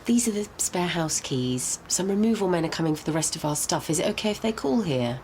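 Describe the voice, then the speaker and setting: A woman's voice: lowish voice, lively intonation, brisk, darkish tone, a little hiss or hum. An actress playing a woman who defends her troubled relationship earnestly in a TV drama. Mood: resolute. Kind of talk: TV drama acting.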